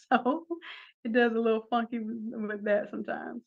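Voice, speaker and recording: A chatty woman with a slightly high voice, talking her class through a design tutorial step by step. The sound is dull and lo-fi, like a live stream, and her delivery stays relaxed and conversational. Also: normal speed, creaky. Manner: casual, chatty, talks through each step. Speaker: design instructor. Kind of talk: live screen-share tutorial.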